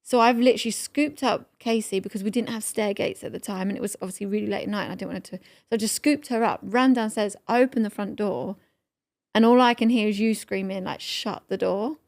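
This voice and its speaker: A woman's voice: medium pitch, fast talker, darkish tone. A woman in her thirties, a podcast co-host who chats casually, teases her partner and mimics him. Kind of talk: casual chat.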